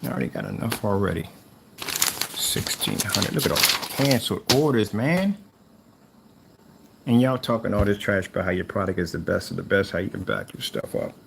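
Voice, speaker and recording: A YouTuber rants at a rival seller, taunting and mocking him and repeating himself over and over. His voice is lowish, gravelly and animated, moving at a moderate pace through a very noisy recording.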